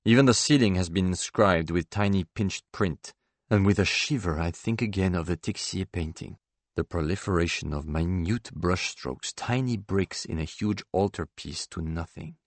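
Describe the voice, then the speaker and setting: A man narrating a literary novel in the first person, measured and restrained. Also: low-pitched, no room sound. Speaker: audiobook narrator.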